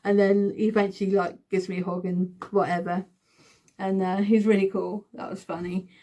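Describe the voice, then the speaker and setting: Woman in her thirties, mid-pitched, excitable and giggly, recounting a fan story for a vlog. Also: normal speed. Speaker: vlogger. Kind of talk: casual storytime.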